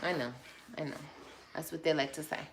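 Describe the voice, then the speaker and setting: A woman with a low-sitting voice and fairly even intonation talks fairly quickly on a livestream, a little hiss or hum in the background. She answers comments casually, bluntly and sassily, cursing as she tells viewers off.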